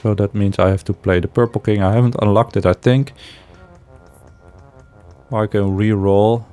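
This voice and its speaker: A man's voice: lowish voice, fairly even intonation, normal speed, warm tone, faint music behind. A man giving casual let's-play commentary, thinking aloud with hesitations and frequent chuckles. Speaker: game streamer.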